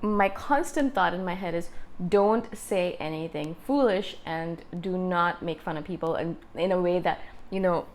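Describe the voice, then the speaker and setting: A woman's voice: lowish voice, normal speed. Chatty woman telling a story. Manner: self-deprecating, animated retelling with inner-voice asides. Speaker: YouTube host. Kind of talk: casual storytelling vlog.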